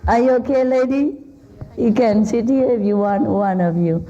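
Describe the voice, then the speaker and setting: A woman's voice: a little high, moderate pace, dark tone, highs cut off. A woman spiritual teacher giving an informal talk to an audience in a hall, teasing and laughing often, in simple non-native English.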